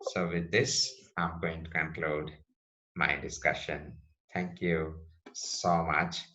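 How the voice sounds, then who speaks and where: Slow, deep-voiced lecturer. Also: male voice, little pitch movement, pushed and bright. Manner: patient, methodical, spelling things out step by step. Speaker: literature lecturer. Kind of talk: explanatory lecture for students. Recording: dull lo-fi recording.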